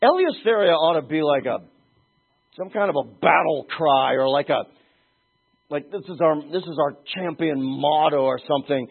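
A man preaching a sermon in an animated way, moving between quiet asides and shouted emphasis, with a husky voice. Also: a little high, moderate pace. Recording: tinny phone-like sound.

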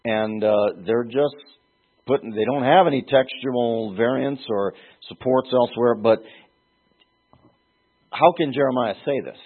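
A man's voice: medium pitch, measured pace, slightly rough. A man preaching a sermon, teaching through a Bible passage in a digressive way and rising to emphatic peaks when he quotes scripture. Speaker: pastor. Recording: tinny phone-like recording.

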